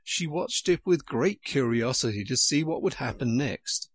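Gravelly, lively male storyteller. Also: mid-range voice, normal speed, dry recording. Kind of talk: storybook narration.

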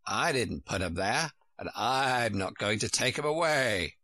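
A man's voice: medium pitch, expressive, a little slow, sharp tone, no echo, studio quality. A man doing a curt, grumpy old sheep lady. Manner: curt, snappish. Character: grumpy old female sheep, knitting and terse.

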